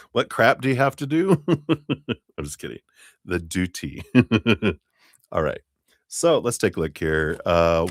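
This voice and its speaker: Deep-voiced man with a lively, laughing delivery. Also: no room sound, clean studio sound. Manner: chatty, laughs often. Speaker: tarot reader. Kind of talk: live-stream tarot reading.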